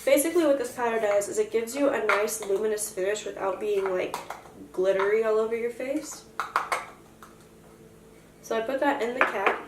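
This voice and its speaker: A woman's voice: a little high, normal speed, long pauses, far from the mic, noisy background. A young woman in a casual makeup tutorial, chatty and self-joking as she explains each step. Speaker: makeup vlogger. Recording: roomy echo, voice from afar.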